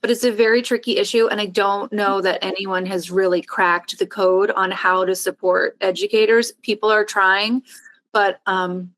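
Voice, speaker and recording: A woman on a video-call panel, talking freely at a mid pitch. She searches for words, restarting her sentences and dropping fillers as she goes. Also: level tone, a bit bright. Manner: quick, loose, many fillers and restarts. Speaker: panelist from a small nonprofit. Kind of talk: online panel discussion.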